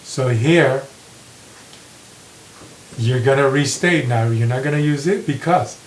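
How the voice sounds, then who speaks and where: A man teaching an English grammar lesson, reading example sentences slowly and repeating them with care. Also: mid-range voice. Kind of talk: slow classroom grammar lesson. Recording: echoey room with faint hiss.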